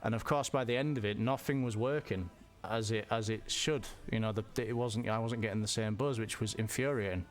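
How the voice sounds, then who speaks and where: A man telling a personal story in a halting way, often repeating words and restarting. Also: fairly low pitch, fairly even intonation. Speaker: vlogger.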